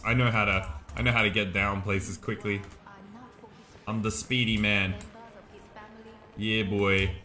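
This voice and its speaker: A man streaming a video game, giving casual, excitable commentary with frequent exclamations. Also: fairly low pitch. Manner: excitable, exclaims and laughs often.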